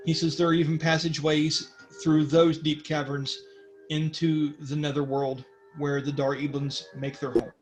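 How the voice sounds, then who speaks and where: A man narrating a tabletop game as game master in a relaxed, rambling way, with many fillers. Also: fairly high pitch, moderate pace, faint music behind.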